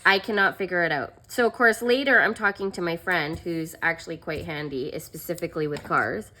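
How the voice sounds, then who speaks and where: A woman's voice: fairly low pitch, fairly quick, bright, forceful tone. A young adult woman vlogger telling a story in a chatty, self-mocking way while she decorates a planner, laughing often and filling with "like" and "um".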